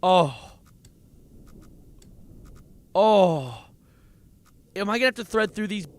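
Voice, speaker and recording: A man's voice: high voice, slight background noise. A man streaming a game live, nervously muttering coordinates, reading chat and breaking into sudden exclamations. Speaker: livestreamer playing a game.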